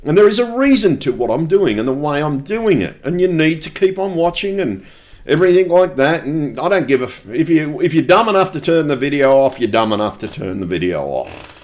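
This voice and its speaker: A man's voice: a little high, big pitch swings, a little fast, darkish tone. A middle-aged man delivering a rambling, profane, insistent monologue for his video channel. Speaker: conspiracy video maker.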